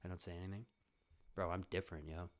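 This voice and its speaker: Young man, deep low voice, casual rambling storytelling, swears a lot, podcast host. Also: flat delivery, fast talker. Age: 20s. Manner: rambling, swears often, acts out quoted voices.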